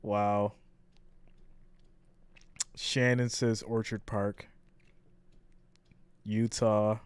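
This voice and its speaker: A man's voice: fairly low pitch, flat delivery, drawn-out words, clean tone, no echo. A man from New York hosting a live stream in a casual chat style. He reads viewer guesses aloud and laughs often.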